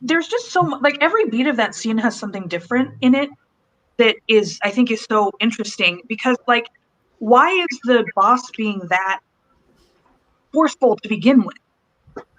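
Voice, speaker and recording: A woman's voice: a little high, animated, normal speed, a bit bright, low-quality recording. A woman in a casual fan discussion, talking in a gushing, rambling way. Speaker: podcast panelist.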